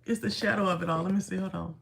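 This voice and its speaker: A woman's voice: on the low side, steady tone, racing, vocal fry. A woman in her thirties, chatting casually on a livestream and answering viewers' comments with laughs and asides. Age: 30s. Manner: chatty, laughing, talking back to chat. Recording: echoey room.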